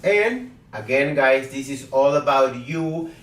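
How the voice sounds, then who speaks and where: A man's voice: mid-range voice, animated, slow pace, recorded from a distance. A man teaching a casual online lesson, chatty, often checking in with "okay?" and "guys". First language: Spanish. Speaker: Spanish teacher. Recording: roomy echo, mic set back.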